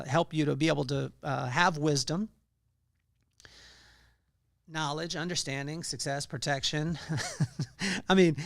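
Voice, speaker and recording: A male podcast host delivers a devotional reflection in an earnest, halting way, full of "uh"s and self-corrections. His voice sits a little high, has a gravelly fry, and sounds close and dry with no room around it. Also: a bit bright, no room sound. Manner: earnest, halting with fillers and restarts. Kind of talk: devotional scripture talk.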